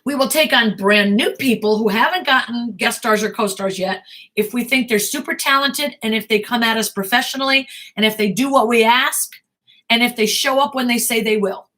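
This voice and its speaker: An American woman talks straight to aspiring actors in a live question-and-answer session, blunt and emphatic. Her voice sits a little high and rings bright and forceful. She drives her points home with repetition and plain words. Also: normal speed. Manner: blunt, emphatic, animated advice-giving. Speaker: talent manager and acting coach.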